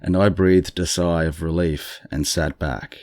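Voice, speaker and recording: A man hosting a podcast, retelling a story in a relaxed, chatty, dryly amused way, with a congested morning voice. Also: low voice, unhurried, no room sound, clean studio sound. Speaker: podcast host.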